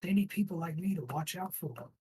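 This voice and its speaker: A man's voice: fairly high pitch, animated, quick pace, warm tone, slightly rough, voice pushed up, rough recording. A man voicing a frightened young man working as hired security, nervous and pleading, with a raised voice. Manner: nervous, pleading, repeating words.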